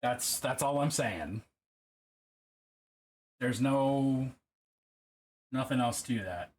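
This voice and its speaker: A man's voice: medium pitch, very slow. A man casually chatting and swearing to himself while painting a miniature on a live stream. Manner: profane, joking, talks to himself while working.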